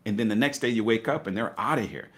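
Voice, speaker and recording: A man talking about investing as a podcast guest, emphatic and animated, repeating his key points. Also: lowish voice, fast talker. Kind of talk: casual podcast conversation.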